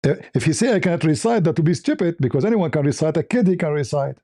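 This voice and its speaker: A man hosting an online religious debate. He argues forcefully and mocks his opponent, laughing often and hammering his points with repeated rhetorical questions. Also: on the high side, expressive, quick pace. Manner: argumentative, mocking, with frequent laughs. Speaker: debate host.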